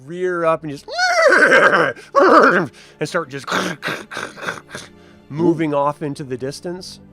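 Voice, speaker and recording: Animated male game master. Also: a little high, drawn-out words, faint music behind. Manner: animated, shouts out minor characters' lines. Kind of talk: narrating a tabletop game.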